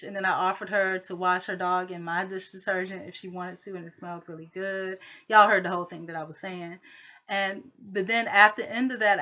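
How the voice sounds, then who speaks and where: Woman venting a long story, sharp bright voice, muffled lo-fi phone audio. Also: on the low side. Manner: rambling, heavy on filler phrases. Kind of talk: recounting a personal conflict.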